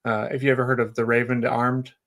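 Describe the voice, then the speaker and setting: A man's voice: mid-range voice, level tone, quick pace, a bit bright. A man being interviewed on a streaming podcast, speaking in an easygoing, earnest way and laughing often. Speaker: streamer guest. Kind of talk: casual interview chat.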